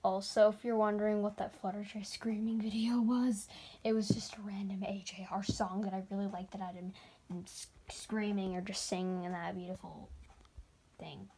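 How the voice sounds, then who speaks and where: A woman's voice: mid-range voice, little pitch movement, moderate pace, dark tone, slightly rough. Whispery rambling young-sounding woman vlogger. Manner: often whispering, rambling and self-mocking; slips into put-on silly accents. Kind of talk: rambling casual vlog chat.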